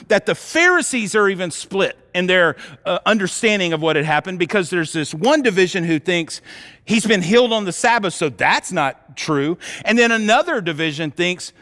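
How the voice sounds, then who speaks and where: High-voiced pastor preaching in a reverberant hall. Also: male voice, normal speed. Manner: animated storytelling with casual slang. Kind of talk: sermon. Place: church auditorium. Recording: long reverb of a large hall.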